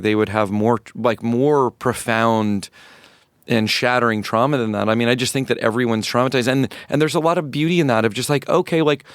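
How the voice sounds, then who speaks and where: A man in his fifties from rural North Florida, a musician guest telling a personal story in an interview, reflective and halting with many restarts. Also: mid-range voice, smooth, no echo, clean studio sound. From rural North Florida, USA.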